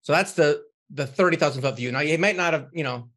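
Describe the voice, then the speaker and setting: A man guesting on a podcast as a book publisher, telling brisk anecdotes about clients. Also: fairly high pitch, fairly bright tone. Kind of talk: casual interview.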